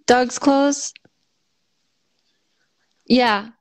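A woman receiving a psychic reading, answering quietly and briefly. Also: a little high, steady tone, drawn-out words, clear, resonant tone, no echo. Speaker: reading client.

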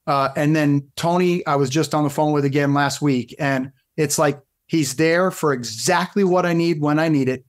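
A middle-aged man, a fitness coach guesting on a podcast, telling stories in an animated way with frequent restarts. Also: fairly high pitch, normal speed, hardly any pauses. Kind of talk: casual storytelling interview.

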